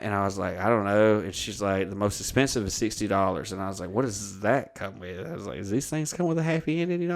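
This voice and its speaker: A man from Alabama with a Southern accent, a podcast host rambling through a comedic story and swearing freely. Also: fairly low pitch. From Oxford, Alabama. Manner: profane, rambling, animated retelling of conversations.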